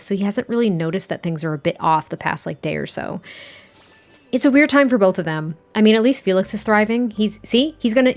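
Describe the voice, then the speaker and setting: A young woman who hosts the channel, telling a life-sim game story in a chatty, casual way, full of fillers and fond asides. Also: medium pitch. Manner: chatty, filler-heavy, doting. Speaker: gameplay narrator.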